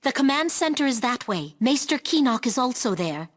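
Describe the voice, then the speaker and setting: A woman's voice: high-pitched, sing-song, moderate pace, fairly bright tone, full character voice. An actress voicing a polite, formal woman soldier officer in a game.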